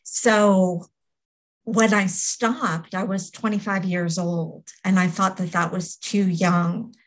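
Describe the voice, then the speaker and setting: Woman coach guesting on a podcast, candid and reflective, middle pitch. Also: steady tone, slow pace. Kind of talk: podcast interview.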